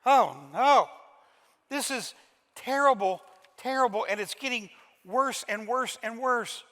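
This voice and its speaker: Bright-voiced pastor from Kentucky preaching. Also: male voice, very high voice, unhurried. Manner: animated, dramatic storytelling with folksy humor. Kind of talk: sermon. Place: large church auditorium. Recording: reverberant church hall.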